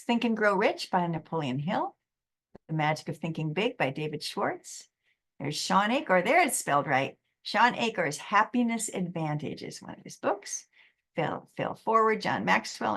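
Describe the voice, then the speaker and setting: A middle-aged woman giving a motivational webinar talk, acting out quotes in an animated way. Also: medium pitch. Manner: lively, animated, acts out quotes. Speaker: presenter.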